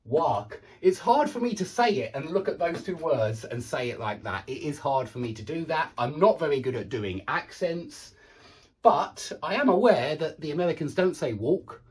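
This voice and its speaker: A British man gives an English pronunciation lesson and walks through each point as if thinking it over aloud. His intonation rises and falls in wide, animated swings. Small hesitations and fillers run through his explanations. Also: a little high, normal speed, distant mic. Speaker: English teacher.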